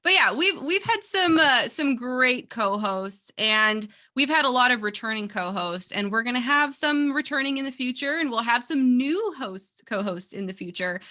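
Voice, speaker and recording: A woman's voice: fairly high pitch, lively intonation, normal speed, few pauses, sharp tone. A woman who produces a podcast, chatting in an upbeat, giggly, teasing way. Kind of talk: casual chat.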